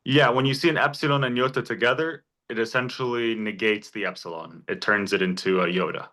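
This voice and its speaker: A man's voice: mid-range voice, steady tone, a little fast, bright, forceful tone. A man teaching a Greek class in a church classroom, explaining step by step and encouraging his students with examples. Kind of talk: informal class lecture.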